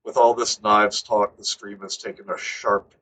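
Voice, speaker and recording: A man's voice: fairly low pitch, moderate pace, distant mic, a little hiss or hum. A young man co-hosting a stream, rambling casually on a voice call. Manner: animated and rambling. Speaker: stream co-host.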